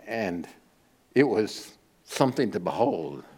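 A middle-aged man preaching a sermon as pastor, telling stories and stressing key words with sudden lifts and soft drops. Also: lowish voice, very animated, slow pace, husky. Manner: storytelling preacher with emphatic rises and soft drops.

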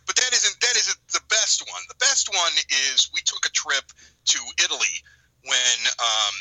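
A man in his forties, a podcast guest on a video call, telling stories in an animated, chatty way. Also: on the high side, no room sound, poor audio. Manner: animated storyteller, rapid and chatty. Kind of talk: casual chat.

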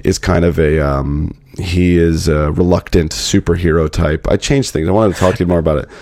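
A man's voice: low voice, a little fast, no room sound, clean studio sound. A man, a filmmaker guest, telling stories in a casual interview and acting out the people he quotes. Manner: animated storyteller, acts out quotes.

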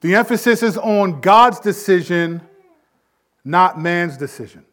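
A man preaching a sermon, his voice sitting a touch higher than most men's. He swells loud on key points, then falls quiet and low to drive them home. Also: lively intonation, unhurried. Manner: preaching with emphatic swells and drops in volume. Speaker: pastor.

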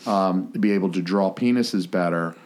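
A man hosting a podcast, talking in a loose, crude, joking way with lots of fillers and restarts. His voice sits low. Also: moderate pace, a little mellow. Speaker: podcast host. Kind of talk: casual chat.

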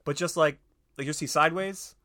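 A man's voice: a little high, fairly quick, pushed and bright. A man co-hosting a podcast, chatting about movies in a rambling, jokey, crude way. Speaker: podcast co-host. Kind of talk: casual movie chat.

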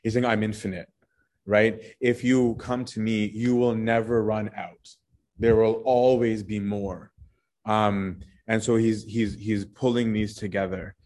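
A man's voice: fairly low pitch, little pitch movement, unhurried, a little mellow. Man teaching a casual Bible study. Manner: conversational, frequent "right?" and "um", restarts.

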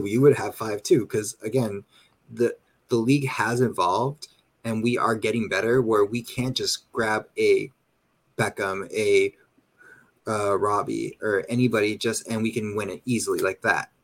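A man's voice: on the low side, measured pace. A man talking in a casual, rambling way about his team, often repeating himself. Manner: rambling, repeats "you know what I mean". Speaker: panelist. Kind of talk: casual fan talk.

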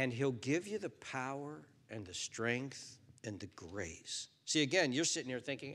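A man preaching a sermon as pastor, earnest and pleading, swinging from loud, high pleas to a hushed near-whisper. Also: expressive, unhurried.

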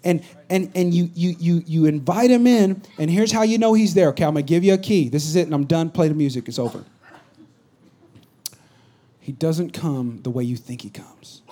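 A man preaching a sermon to his congregation, dropping to near-whispers and then rising to shouts, with call-and-response asides. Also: on the high side, fast, few pauses. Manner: swings between hushed near-whispers and loud shouts. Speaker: pastor. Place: church stage with a live congregation.

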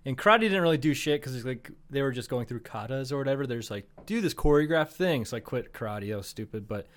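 A man's voice: medium pitch, quick pace, fairly bright tone. A man co-hosting a casual podcast chat, telling rambling, profane stories between frequent laughs. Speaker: podcast co-host.

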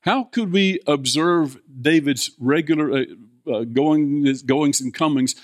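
A man's voice: a little high, slow pace, no room sound, clean studio sound. An older man, preaching a folksy sermon, chatting with the congregation, asking questions and chuckling often.

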